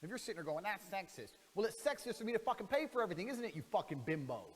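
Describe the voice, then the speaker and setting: A man's voice: sits high, very animated, racing, slightly rough. A man in a brash monologue, talking in a boastful, profane and mocking way. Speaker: internet personality in played clips. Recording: reverberant clips with music underneath.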